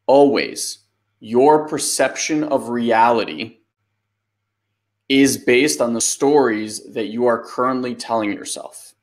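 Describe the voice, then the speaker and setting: A man with a mid-range voice takes his time while hosting a webinar as a life coach, answering a listener's question. He talks loosely and conversationally, using lots of fillers like "like" and "you know".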